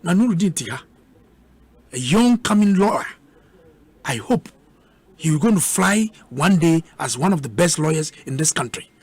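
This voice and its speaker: A man's voice: fairly high pitch, expressive, moderate pace, pauses often, breathy edge, dry recording. A man with a Ghanaian accent, arguing heatedly as a guest in a radio debate, combative and repeating words for emphasis.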